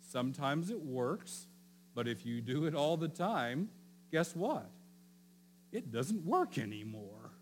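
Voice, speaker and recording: A man's voice: mid-range voice, slight background noise, poor audio. A male pastor preaching in a conversational way, speaking directly to the children and often checking in with his listeners. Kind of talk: sermon.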